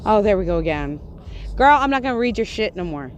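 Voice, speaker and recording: A woman's voice: medium pitch, very animated, fairly quick, lo-fi sound, slight background noise. Profane, confrontational woman ranting. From Puerto Rico. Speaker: livestream host. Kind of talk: angry livestream rant.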